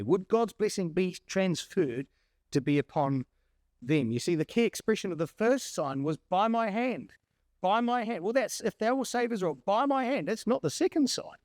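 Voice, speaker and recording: A man preaching a sermon to a congregation, emphatic and animated, acting out the lines he quotes. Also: on the high side, no room sound, studio quality.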